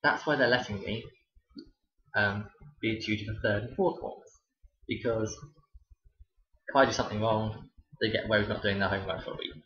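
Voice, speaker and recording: A man's voice: fairly low pitch, a little fast, fairly bright tone. A young man, a teacher, telling stories casually to camera with a dry, sarcastic delivery. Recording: roomy, dull lo-fi sound.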